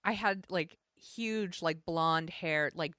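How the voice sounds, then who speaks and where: Low-voiced chatty woman, dry sound. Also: slow pace, pushed and bright, dry recording. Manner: chatty, filler-heavy, self-mocking, laughs often. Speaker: podcast co-host. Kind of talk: casual chat.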